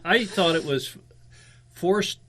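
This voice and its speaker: A man's voice: sits high, slow pace. A man co-hosting a casual chat, making joking, teasing asides. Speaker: co-host. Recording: loud noise and clicks.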